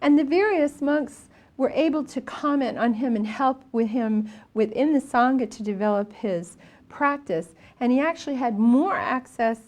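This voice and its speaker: Older female Buddhist teacher, slightly high voice, anecdotal dharma talk, halting with fillers. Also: darkish tone. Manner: storytelling, with frequent fillers and restarts.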